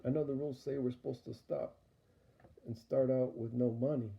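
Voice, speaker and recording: A man's voice: medium pitch, fairly even intonation, moderate pace, vocal fry, pitched above the performer's own voice, lightly acted. A man voicing a fussy, stammering female robber dressed as a cop, in an audio story. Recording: dull lo-fi recording.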